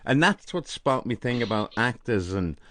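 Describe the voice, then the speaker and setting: A man's voice: mid-range voice, normal speed. An older man with a Liverpool accent telling stories in a casual radio conversation, acting out what people said. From Liverpool, England. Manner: animated storyteller, acts out quoted exchanges. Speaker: interviewer.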